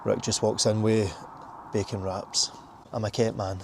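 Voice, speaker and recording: A Scottish man with a husky, brash voice, chatting casually as a travel vlogger outdoors. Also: lowish voice, flat delivery, unhurried, background noise. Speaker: vlog host. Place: outdoors by campervans.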